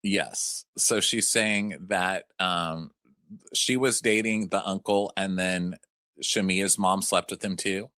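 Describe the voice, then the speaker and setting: Man, casual recap chat, bright tone, dry close mic, animated, acts out quotes. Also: low-pitched, slow, no room sound. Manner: animated, acts out quotes in shrieks, laughs often. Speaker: podcast co-host.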